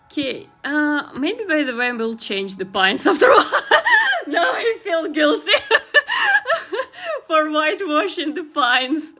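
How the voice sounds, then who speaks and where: A woman's voice: sits high, wildly swooping pitch, slow pace, pauses often, bright, forceful tone, soft background music. A young woman with a Slavic accent chatting casually on a live stream while drawing, giggly and trailing off with fillers. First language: Ukrainian. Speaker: streamer and artist.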